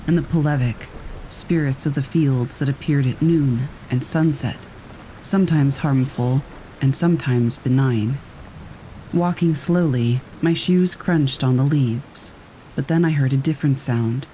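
A man calmly reading a scripted scary story aloud. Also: medium pitch, slight background noise, poor audio. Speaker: story narrator. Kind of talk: scripted horror story narration.

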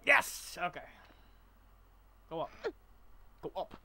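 A man's voice: slow pace, pushed and bright, a little hiss or hum, poor audio. A man streaming a video game, joking and talking to himself as he plays. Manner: jokey, talks to himself, does voices. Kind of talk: casual gameplay commentary.

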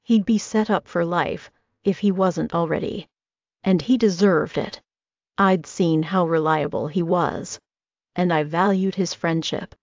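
A woman's voice: on the low side, unhurried, a little mellow, dry recording. A woman narrating a first-person romance audiobook in a wry, confiding manner. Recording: dull lo-fi recording.

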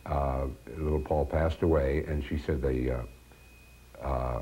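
An older man, once a children's TV host, recalls stories from his show in an unhurried, hesitant interview. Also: extremely low pitch, fairly even intonation, dark tone, slight background noise. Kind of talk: reminiscing interview.

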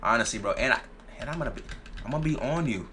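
Bright-voiced young man trash-talking gameplay. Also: medium pitch, animated, fast talker, slight background noise. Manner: playful trash talk with heavy slang, repeating phrases. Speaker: gaming YouTuber. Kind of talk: casual gameplay commentary.

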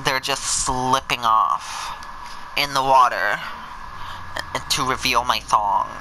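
A man giving sassy, camp, over-the-top commentary while playing a game, with sudden shouted bursts. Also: mid-range voice, slow pace, a little hiss or hum, low-quality recording. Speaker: gameplay commentator. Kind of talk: let's play commentary.

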